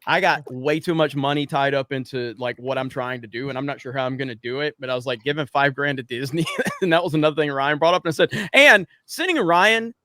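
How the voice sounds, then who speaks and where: A man's voice: mid-range voice, a little fast, few pauses, pushed and bright, no room sound, studio quality. A man hosting a podcast in casual chat, laughing often and swearing freely. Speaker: podcast host.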